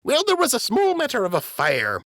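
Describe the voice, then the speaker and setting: High, reedy rabbit dockhand, country talk, jokey, storybook figure. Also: male voice, wildly swooping pitch, moderate pace, a bit bright, no room sound, studio quality, full character voice. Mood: folksy. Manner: folksy, ungrammatical country speech. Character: rustic, jokey male rabbit dockworker.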